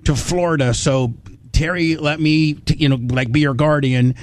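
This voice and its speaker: A man's voice: fairly high pitch, fairly even intonation, normal speed, no room sound. A man hosting a radio show, rambling and stammering as he reminisces on a call. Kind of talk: emotional radio phone conversation.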